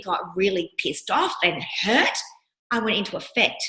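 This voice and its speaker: A woman's voice: medium pitch, a little slow. A woman coach teaching a workshop, telling personal stories and acting out the voices she quotes. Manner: animated storyteller who acts out the voices she quotes. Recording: roomy echo.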